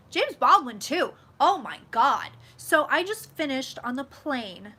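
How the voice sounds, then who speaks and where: A woman's voice: sits high, sing-song, a little slow, pushed and bright, slightly rough. A young woman hosting a casual live vlog from home, chatty and gushing, swearing freely as she reads viewer comments. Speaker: psychic vlogger. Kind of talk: casual live-stream chat.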